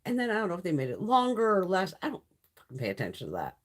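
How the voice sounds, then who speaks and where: A middle-aged woman chats casually on her live stream, blunt and foul-mouthed and quick to laugh. Her voice is husky, and her pitch swings widely as she talks. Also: huge pitch swings. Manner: chatty and blunt, swears freely, laughs often. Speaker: beauty YouTuber hosting a live stream.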